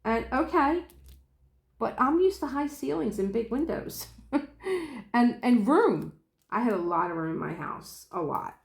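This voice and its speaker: Woman, casual storyteller vlogging from home; animated retelling with laughs, room echo audible. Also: fairly high pitch, unhurried, gravelly, pauses often. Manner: chatty, acts out quoted dialogue, laughs often. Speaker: diamond painting vlogger.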